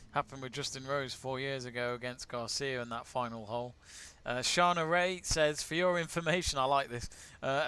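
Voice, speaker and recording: A man's voice: medium pitch, pushed and bright, smooth. A British man co-hosting a casual sports watch-along stream, chatty, laughing easily and reading viewer comments aloud. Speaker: live stream co-host.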